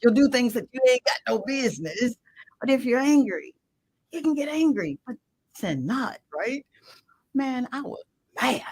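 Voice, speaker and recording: A middle-aged woman from Mississippi telling her personal story as a guest, impassioned, swinging from loud emphatic bursts to hushed whispers. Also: a little high, breathy edge, rough recording. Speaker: guest, radio show host. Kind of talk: emotional personal testimony.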